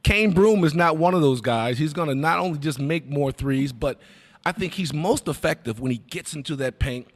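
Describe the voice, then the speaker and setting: A man on sports radio breaking down guards' play and telling lively stories from his playing days, acting out what coaches and teammates said. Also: a little high, moderate pace, in a large hall. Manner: animated storyteller who acts out quotes. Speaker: radio basketball analyst. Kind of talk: sports radio analysis and storytelling.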